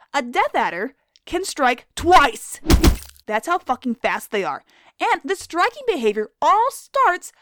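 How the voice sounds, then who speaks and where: A woman hosting a scripted, comedic wildlife lesson, theatrical and profane, who spells words out loud. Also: sits high, no room sound, studio quality. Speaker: science video host.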